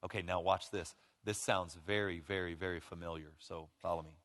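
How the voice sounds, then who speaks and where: A man preaching a sermon as pastor, animated, acting out the voices of the people he quotes. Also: low-pitched, fairly quick, few pauses. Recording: long reverb of a large hall.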